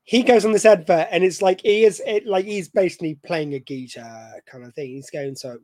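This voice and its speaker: A man's voice: sits high, animated, moderate pace, hardly any pauses, darkish tone, dry recording. A British man co-hosting a podcast, chatting and joking with rambling asides. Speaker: podcast co-host. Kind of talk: casual chat.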